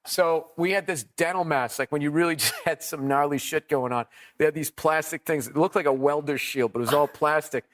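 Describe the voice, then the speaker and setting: A man, a comedian guest in an interview, telling profane, animated stories and acting out quotes. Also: fairly high pitch, a little fast. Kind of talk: storytelling interview.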